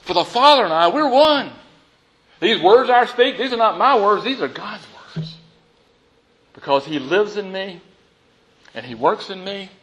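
A man preaching a sermon as pastor, expressive, with loud emphatic lines and near-whispered ones, often repeating himself for emphasis. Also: high-pitched, unhurried, long pauses, rough recording.

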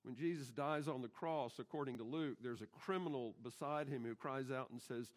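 A man's voice: fairly high pitch, lively intonation, moderate pace, few pauses. A middle-aged pastor preaching a sermon in his church, emphatic and putting rhetorical questions to the congregation. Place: church sanctuary.

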